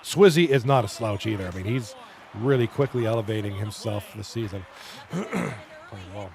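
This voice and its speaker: A man with a lowish, slightly mellow voice commentates an esports hockey league stream at a moderate pace, reading chat as he goes. He's loose and chatty, swears, and clears his throat often.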